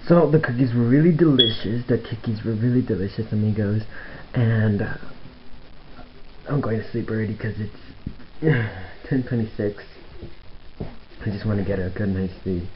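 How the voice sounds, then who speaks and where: A young man vlogging casually at home at night, rambling and chatty, going quiet as he gets sleepy. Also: on the low side, normal speed, noisy background. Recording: dull lo-fi home video.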